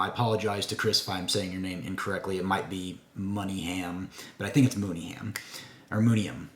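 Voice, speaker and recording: A man's voice: on the low side, slight background noise. A man reviewing a comic book in a casual, rambling way, with fillers and self-corrections. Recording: echoey room.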